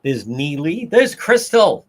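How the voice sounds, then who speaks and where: Husky, lively talk radio man. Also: fairly high pitch, slow pace. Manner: rambling, repeats phrases for emphasis. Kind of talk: live talk radio livestream.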